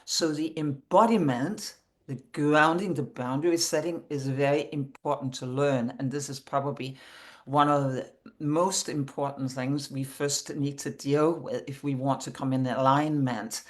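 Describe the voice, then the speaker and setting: A woman's voice: rumbling low, fairly even intonation, unhurried. A middle-aged woman from Denmark with a Danish accent, answering interview questions in an earnest, spiritual way with slightly non-native phrasing. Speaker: founder of a voice method, guest.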